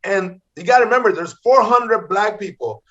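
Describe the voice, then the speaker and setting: A middle-aged man from Los Angeles, a comedian telling wild stories in an energetic way, always saying "bro" and "man.". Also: high voice, moderate pace. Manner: energetic, repeats "bro" and "man", acts out voices. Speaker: comedian guest. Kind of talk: animated storytelling. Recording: slightly dull lo-fi audio.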